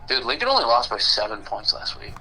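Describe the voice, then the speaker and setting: A man's voice: mid-range voice, wildly swooping pitch, fairly quick, sharp tone, slight background noise, low-quality recording. A man co-hosting a podcast in casual chat, with crude, joking banter. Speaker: podcast co-host.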